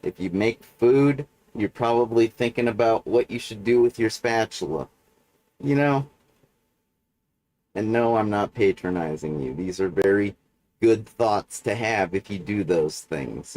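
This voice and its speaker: A man's voice: fairly low pitch, lively intonation, measured pace, darkish tone, no echo. A man hosting a livestream, talking in a meandering monologue full of fillers, with frequent "right?" check-ins. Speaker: livestream host. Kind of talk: rambling monologue.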